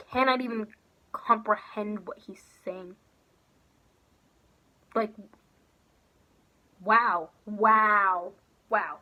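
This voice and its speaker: A woman's voice: on the high side, pushed and bright. A young woman ranting on a casual vlog, emphatic and exasperated, who repeats her points for effect. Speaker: vlogger. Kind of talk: casual vlog rant about a film.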